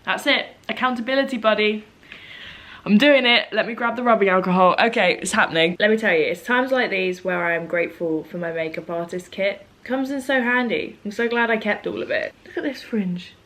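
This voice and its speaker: A young woman chatting casually to a camera on a tripod at home, self-mocking and lively. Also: mid-range voice, a little fast, hardly any pauses. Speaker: beauty vlogger. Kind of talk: casual vlog chat to camera. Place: home room at a table.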